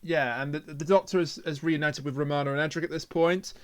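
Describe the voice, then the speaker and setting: A man's voice: fairly high pitch, fairly even intonation, fairly quick, smooth. A man hosting a podcast in casual chat, joking and sounding incredulous. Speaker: podcast host.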